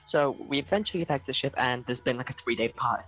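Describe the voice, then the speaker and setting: A man's voice: mid-range voice, fast, a bit bright, dull audio, faint music behind. A man playing a tabletop game who chattily recaps past events. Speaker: player. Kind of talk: casual game chat.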